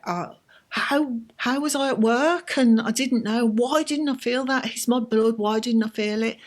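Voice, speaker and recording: A woman, a bereaved mother, telling her story in an interview in a halting, emotional way. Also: fairly high pitch. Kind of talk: personal account in an interview.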